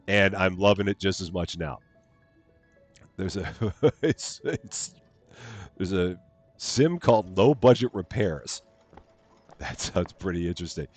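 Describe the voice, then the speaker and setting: This streamer's low, slightly mellow voice has a breathy edge and no room sound. He chats playfully over the game, reading its text aloud and cracking jokey asides as he plays.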